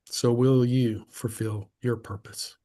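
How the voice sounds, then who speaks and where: Man on a video call, prepared inspirational speech, deliberate and solemn. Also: medium pitch, fairly even intonation, dark tone.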